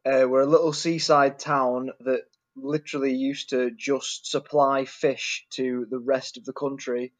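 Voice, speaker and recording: A man's voice: mid-range voice, flat delivery, unhurried. A man with a Northern English accent, a guest on a casual podcast, talking in an upbeat, enthusiastic way. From Grimsby, England.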